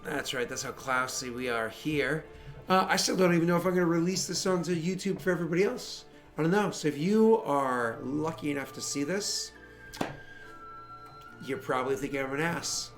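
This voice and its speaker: Animated, swearing man game master. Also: on the high side, normal speed, faint music behind. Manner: animated storytelling, swears freely, acts out friends' reactions. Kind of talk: casual chat.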